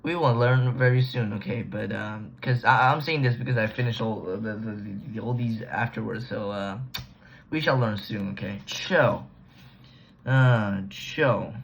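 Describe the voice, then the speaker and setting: A man's voice: on the low side, unhurried, vocal fry. A man casually recapping a book he read, using slang, restarting sentences and trailing off. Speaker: book reviewer. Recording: dull lo-fi recording.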